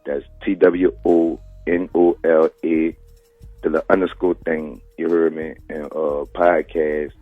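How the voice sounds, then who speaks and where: Rumbling low and barely moving in pitch, a man from New Orleans speaks unhurriedly on a tinny phone-line radio call, with no room sound and faint music in the background. He hosts a podcast and keeps the interview loose, leaning on street slang and "you heard me" in his local accent.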